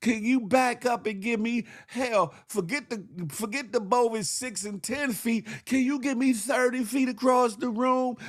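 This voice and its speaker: A man voicing a cheeky young schoolboy who complains in an exaggerated, drawn-out way. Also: very high voice, voice pushed up. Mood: disgusted.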